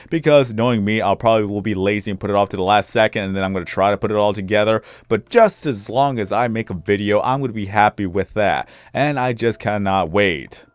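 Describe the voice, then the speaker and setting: A man's voice: fairly low pitch, clean tone, dry recording. A young man, a gaming YouTuber, chatting casually over his gameplay, rambling, often correcting himself and repeating phrases.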